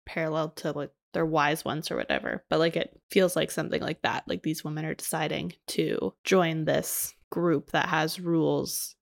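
A woman's voice: low voice, gravelly. A woman co-hosting a casual book-club podcast, speaking hesitantly as she works through her points. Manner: hesitant, gets going slowly. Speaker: podcast co-host.

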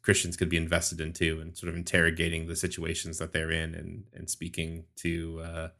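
A man's voice: low voice, completely flat delivery, brisk, vocal fry, bright, forceful tone. A man co-hosting a casual podcast about the Bible, chatty, often laughing and restarting his sentences. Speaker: podcast co-host. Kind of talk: casual discussion and scripture reading.

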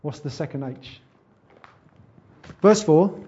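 Husky-voiced preacher giving a sermon. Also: male voice, fairly high pitch, moderate pace, a little mellow, lo-fi sound. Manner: earnest, conversational preaching with acted-out jokes. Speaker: pastor.

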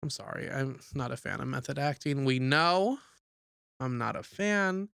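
A young adult podcast co-host recapping a horror movie in casual, profane, jokey talk, acting out the characters in quick asides. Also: medium pitch, gravelly, no echo, clean studio sound. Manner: animated, profane, jokey storytelling.

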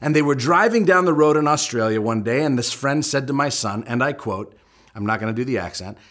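A man's voice: mid-range voice, lively intonation, fairly quick, a bit bright. A middle-aged man preaching a sermon, explaining step by step and leaning hard into his key points. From United States. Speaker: pastor.

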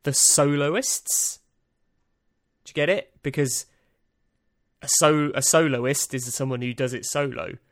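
Mid-range and steady, this man's voice moves at a moderate pace with no room sound. Hosting a solo podcast, he meanders through a list with dry, self-amused humor and plenty of ums and uhs.

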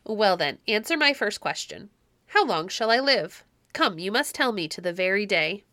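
A woman's voice: medium pitch, animated, normal speed, pushed and bright, dry recording, clean studio sound. A woman reading an audiobook story and voicing a domineering, scornful medieval king with a commanding, mocking manner.

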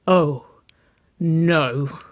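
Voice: mid-range voice, extremely slow, dry recording, lo-fi sound. A narrator voicing a teasing, mischievous young woman who murmurs with a smirk.

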